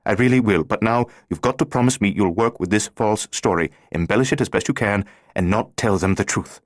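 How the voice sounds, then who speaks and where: A man's voice: on the low side, a little fast, no room sound, studio quality, lightly acted. A man playing an urgent, secretive male stranger in an audiobook, giving terse instructions.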